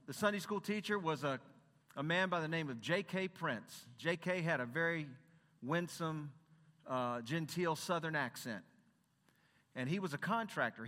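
A man's voice: mid-range voice, fairly bright tone. A man who is a Christian counselor and former pastor gives an earnest, conversational sermon talk from a stage, asking the audience rhetorical questions. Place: stage in a large hall. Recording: long hall reverb.

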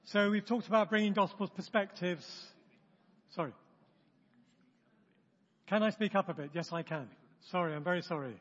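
A man with a husky voice leading a church training session in a chatty, self-interrupting way, acting out example remarks. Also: high-pitched, normal speed, long pauses, a bit bright. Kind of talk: informal teaching talk. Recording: dull, long-reverb room recording.

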